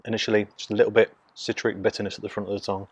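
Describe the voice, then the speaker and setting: A man, from Nottingham, casually reviewing a beer in hushed, half-whispered tones, recorded on a phone mic out in his garden. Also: lowish voice, level tone, racing, no room sound. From Nottingham, England. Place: outdoors in a home garden.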